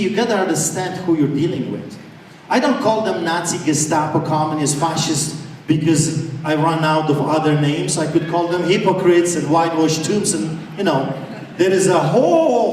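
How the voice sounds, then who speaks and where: Man, pastor, fiery defiant sermon, high voice, far off in a long-echo hall, faint room hum. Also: a little mellow. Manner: fiery, defiant preaching with mocking asides. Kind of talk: impassioned sermon. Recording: echoey hall, far from the mic, faint ambience.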